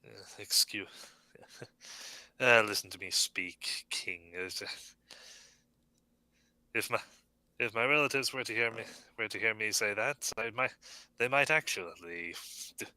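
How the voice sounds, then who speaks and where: Male player, bright forceful tone, dry close sound, earnest and halting in character. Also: fairly low pitch, no echo. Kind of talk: in-character tabletop role-play.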